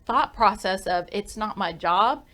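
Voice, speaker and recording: A woman with a middle-pitched voice hosting a radio chat from a studio. She is upbeat and frank and laughs easily between her points. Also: lively intonation, a little slow, background noise. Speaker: radio show host.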